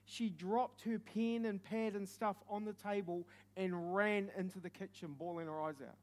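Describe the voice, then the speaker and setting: A young man with a New Zealand accent, preaching with stories, animated and joking, sometimes shouting. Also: high voice, normal speed. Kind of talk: sermon with stories.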